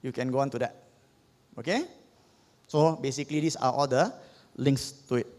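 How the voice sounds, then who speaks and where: A man's voice: medium pitch, normal speed, darkish tone. Singaporean male tutor, echoey hall. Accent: Singaporean English. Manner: repeats "okay?" often, explains step by step. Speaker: economics tutor. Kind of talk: revision lecture. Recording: long hall reverb.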